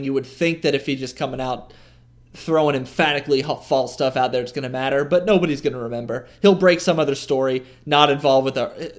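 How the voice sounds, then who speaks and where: A man co-hosting a sports podcast, talking in a rambling, argumentative casual style. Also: mid-range voice. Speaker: podcast co-host.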